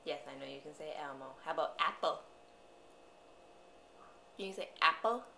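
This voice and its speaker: A woman's voice: deep voice, moderate pace, vocal fry, bright, forceful tone, reverberant, recorded from a distance, slight background noise, rough recording. A mother doing playful, sing-song baby talk as she coaxes her toddler to say words.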